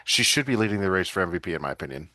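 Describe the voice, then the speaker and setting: Very deep-voiced tired podcast co-host. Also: male voice, lively intonation, racing, pushed and bright, no echo, studio quality. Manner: chatty, easygoing, yawning. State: tired, yawning. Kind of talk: casual sports chat.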